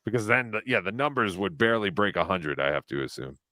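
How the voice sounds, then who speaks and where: A man hosting a casual live stream, rambling and animated as he reads out viewer tips. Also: on the low side, quick pace, no room sound. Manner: rambling, animated, swears freely. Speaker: host.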